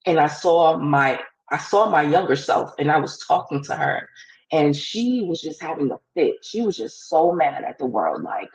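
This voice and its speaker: A woman's voice: deep voice, expressive, normal speed, darkish tone, low-quality recording. A woman as a podcast guest, telling a personal story in an earnest, casual way, full of "like" fillers. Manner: earnest, heavy use of "like" fillers.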